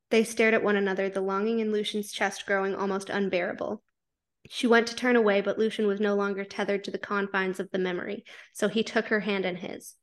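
A woman's voice: mid-range voice, fairly even intonation, a little fast. A woman podcast co-host who reads fanfiction aloud, then chats casually, swearing freely and laughing as she reacts.

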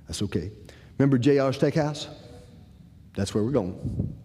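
A man's voice: mid-range voice, normal speed, slight background noise. A man telling a personal story to an audience, acting out the dialogue. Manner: animated, acts out the dialogue. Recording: long hall reverb.

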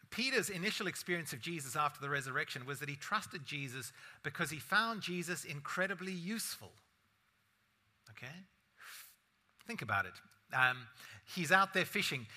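A man's voice: a little high, pushed and bright. A man preaching a sermon as a pastor, in a conversational style full of rhetorical asides to the congregation.

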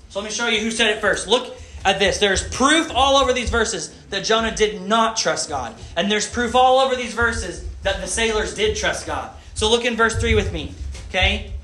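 A man delivers a sermon in a high, bright voice. He preaches with animation and keeps asking his audience questions. The echoey room adds a faint hum of ambience behind him.

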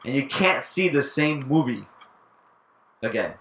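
A man hosting a casual podcast, leading the topic in a relaxed way and swearing now and then. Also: medium pitch, a little slow, echoey room, slight background noise. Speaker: podcast host. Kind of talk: casual chat.

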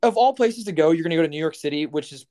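A man's voice: on the high side, lively intonation, racing, warm tone. A young man co-hosting a podcast in casual chat, rambling with lots of fillers and profanity. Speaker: podcast co-host.

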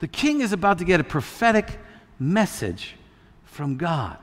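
Pastor preaching with long hall reverb. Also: male voice, on the high side, big pitch swings, unhurried. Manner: conversational, many restarts, rises to loud emphatic peaks. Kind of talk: sermon.

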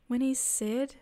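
A woman telling a personal faith testimony in a soft, reflective storytelling manner. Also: high voice. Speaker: storyteller sharing a spiritual experience.

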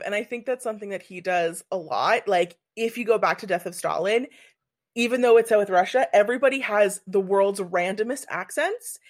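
A woman chatting casually about films, enthusiastic and rambling, swearing freely as she goes. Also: mid-range voice. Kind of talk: casual chat.

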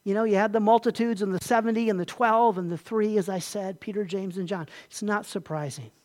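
A man's voice: high voice, steady tone, fairly quick, a little mellow. A man delivering an emphatic sermon as a pastor, often asking his listeners questions. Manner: emphatic, asks the congregation questions.

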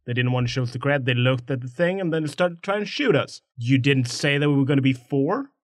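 Excitable, defensive player; very lively pitch, dry close sound. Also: fairly quick, dry recording. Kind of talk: in-character tabletop play.

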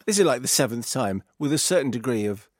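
A man's voice: medium pitch, expressive, brisk, no echo. Drowsy, dry-humored man on the radio. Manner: dry, self-mocking, drowsy. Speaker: radio co-host. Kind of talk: casual banter on radio.

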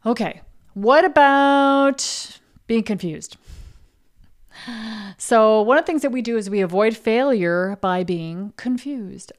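A woman's voice: on the high side, slow. A woman hosting a casual motivational talk for artists, blunt and frank, swearing freely and acting out the doubting voice in her listeners' heads. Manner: acts out her listeners' inner voice. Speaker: podcast host and coach for artists.

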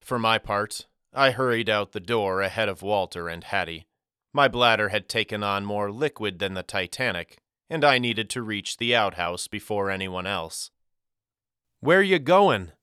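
A man narrating a first-person audiobook story in a wry, measured storytelling manner. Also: on the low side, bright, forceful tone, smooth, dry recording, clean studio sound.

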